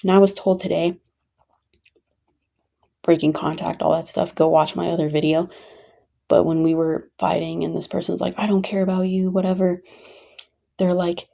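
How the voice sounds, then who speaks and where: Woman venting on her vlog, low husky voice, leans on her points over and over. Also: level tone, normal speed, pauses often, warm tone. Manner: emphatic, repeats points for stress. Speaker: vlogger.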